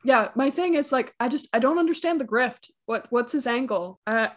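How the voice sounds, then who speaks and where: Woman co-host, slightly high voice, critical casual film chat. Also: animated, moderate pace. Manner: critical, picks apart plot points.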